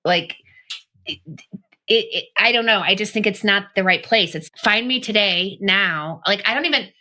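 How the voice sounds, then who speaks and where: A woman's voice: mid-range voice, moderate pace, bright, forceful tone. A woman podcast host talking in a rambling, reflective way with many fillers. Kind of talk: casual conversation.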